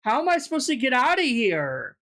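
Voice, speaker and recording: A woman giving an indignant, profane reaction commentary, her throat sore from yelling. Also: sits high, huge pitch swings, brisk. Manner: profane, indignant, laughing ranting.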